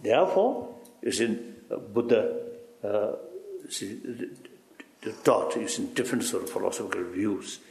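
A man giving halting, reflective interview answers in broken English, often repeating "you see" and chuckling. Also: lowish voice, gravelly, echoey room. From Tibet. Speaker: interviewee, spiritual teacher.

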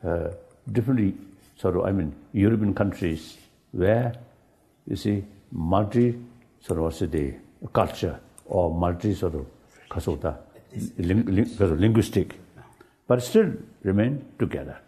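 A man speaks in a panel discussion, halting and searching for his words, often starting over. His voice is mellow and dark. It rises and falls a great deal, and he brings quoted remarks to life with a lot of energy. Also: sits low. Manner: animated, acts out quoted speech. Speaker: spiritual leader in a panel discussion. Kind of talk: conversational panel talk.

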